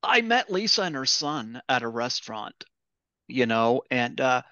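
A man's voice: medium pitch, sing-song, a little slow, bright, forceful tone, no room sound. A man from the Canadian Maritimes hosting a podcast, telling a story eagerly in casual chat. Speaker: podcast host. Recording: dull dry lo-fi audio.

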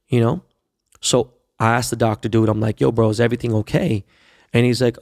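A podcast host with a fast, gravelly, mid-range voice delivers a long, profane story in a casual monologue, animatedly acting out the dialogue. The studio-quality audio has no echo.

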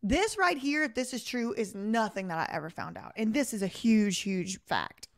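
A woman with a mid-range voice speaks at normal speed as she hosts a live reaction stream. She reads an article aloud and comments straight to her viewers in an animated, exasperated way.

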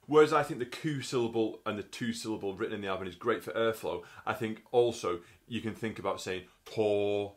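Low-voiced man teaching brass technique. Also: a little fast, hardly any pauses. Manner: methodical, explanatory, sounds out syllables. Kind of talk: instructional tutorial.

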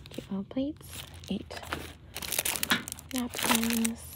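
A woman filming a casual shopping vlog. She talks from her car, then murmurs half-whispered comments as she browses a quiet store. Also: fairly high pitch, drawn-out words, very noisy. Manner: chatty, gushing over cute finds. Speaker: shopping vlogger.

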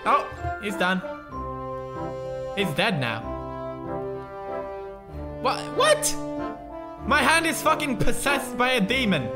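A man with a Swedish accent, a native Swedish speaker, giving gaming commentary, raging, swearing and yelling at the game. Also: very high voice, huge pitch swings, slow, long pauses. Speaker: gaming video creator. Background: game music.

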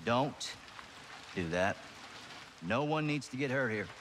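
A smug merc boss, calm and menacing, lively ups and downs, rain hissing behind. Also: male voice, mid-range voice, takes it slowly. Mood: coolly menacing. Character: cool, smug male mercenary commander. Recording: rain noise behind game audio.

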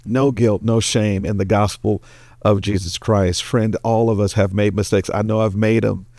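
A man's voice: normal speed, vocal fry, no echo. A male pastor giving a sermon, telling jokes and storytelling with big jumps in his voice. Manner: animated storytelling, voice jumps high for characters.

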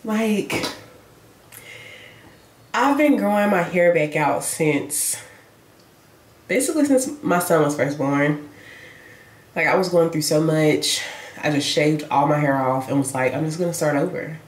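Young woman, playful vlog chatter, lowish voice, echoey room. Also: lively intonation, a little slow, long pauses. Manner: chatty, playful, swears freely. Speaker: vlogger. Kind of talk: casual self-filmed vlog.

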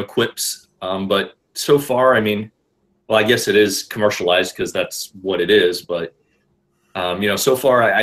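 A lower-voiced man chats on a podcast. He keeps restarting his sentences and leaning on fillers, speaking in a relaxed, halting way. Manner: halting, many restarts and "you know". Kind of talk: casual podcast chat.

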